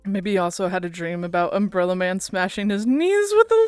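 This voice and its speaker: A woman's voice: mid-range voice, lively intonation, brisk, clean tone, dry recording, faint music behind. A woman streamer chatting casually with her viewers, rambling and laughing often. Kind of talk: casual livestream chat.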